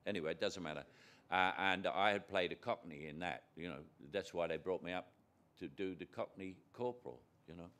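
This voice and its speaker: Older man from Britain, very low voice, rambling anecdotes, chuckles, stage interview. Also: brisk, a bit bright. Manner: rambling storyteller, chuckles, restarts often. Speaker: guest actor. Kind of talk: on-stage conversation, telling anecdotes. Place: theatre stage before an audience.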